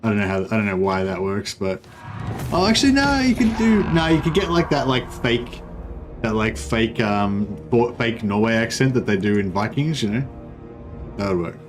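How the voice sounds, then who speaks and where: Commentary on a strategy game comes from a male gaming streamer whose voice is on the low side, at a moderate pace. He rambles, interrupts himself and swears occasionally, over music and steady background noise in poor audio.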